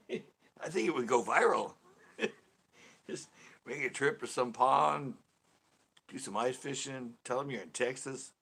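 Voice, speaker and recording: A man's voice: mid-range voice, animated, slow pace, creaky, long pauses, sharp tone, slightly rough. A man hosting a casual fishing live stream, joking and rambling as he chats with viewers. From California. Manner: joking, rambling, laughs a lot. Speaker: fishing channel host.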